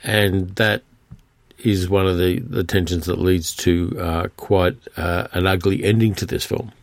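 A man's voice: sits low, steady tone, a little slow, no room sound. A man hosting a film podcast, talking through a movie in a conversational, rambling way with many fillers and restarts. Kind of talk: casual spoken film review.

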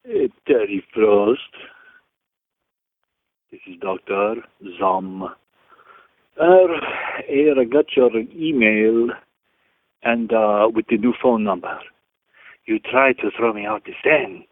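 Caller on a tinny voicemail: a man with a hammy put-on accent that slips, middle-pitched, dead-dry sound, breaks into crooning. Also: slow pace, long pauses, dry recording. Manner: sings snatches of a song. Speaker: caller leaving voicemail feedback. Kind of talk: voicemail feedback. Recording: tinny phone line voicemail.

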